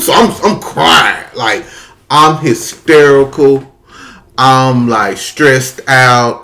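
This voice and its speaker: A man telling a story casually and with lots of profanity, talking straight to his audience. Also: medium pitch. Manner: animated, profane, addresses the audience as y'all.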